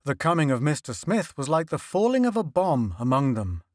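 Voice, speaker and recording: A man reads classic fiction aloud in an even, steady voice that sits fairly high. The close mic gives a dry sound with no room around it. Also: moderate pace, no room sound. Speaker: audiobook narrator.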